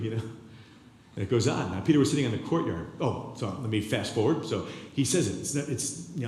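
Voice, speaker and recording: A male pastor delivers a sermon in a church sanctuary, telling a story conversationally and often turning aside to address the congregation. His mid-range voice is animated, quick, and slightly mellow. The echoey hall gives the recording a long reverb.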